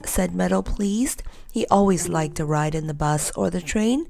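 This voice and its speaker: A woman reads a children's storybook aloud in a gentle, measured way. Her voice sits fairly low, with a gravelly rasp at the edges of her phrases. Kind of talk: storybook reading.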